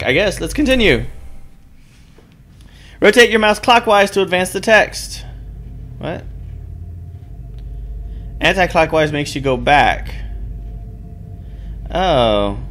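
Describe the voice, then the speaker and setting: A man's voice: a little high, fairly bright tone, a little hiss or hum. A man playing a game, chatting casually, reading the on-screen text aloud and swearing now and then while joking about himself. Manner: self-deprecating, chatty. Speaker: let's play host. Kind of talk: casual gameplay commentary.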